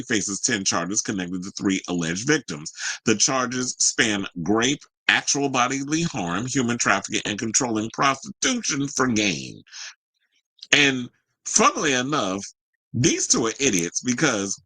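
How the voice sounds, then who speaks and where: A celebrity news show host runs through headlines in a loose, joking, colloquial way, tossing in sarcastic asides. His medium-pitched voice is slightly husky, pushed and bright, recorded dry and close to the mic with no echo but in low quality.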